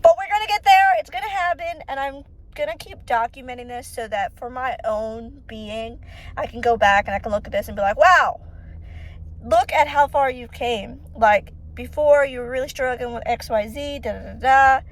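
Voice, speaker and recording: A woman's voice: a little high, fairly quick, low-quality recording. A young woman vlogging from her car, venting in a rambling, frustrated way and quoting her own thoughts aloud. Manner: frustrated, rambling, talks to herself with quoted asides. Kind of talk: casual vlog venting. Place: in a car, driving. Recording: loud road and car noise. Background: car and traffic noise.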